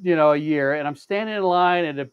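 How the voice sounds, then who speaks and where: A man with a high voice tells stories in casual chat, animated and salty, full of stammered repeats and quick restarts. His voice sits close and dry, with no room around it. He leaps between calm stretches and bursts of excitement. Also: smooth, dry recording, narrow, tinny audio. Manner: animated, profane, acts out quotes with big pitch jumps. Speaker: show regular.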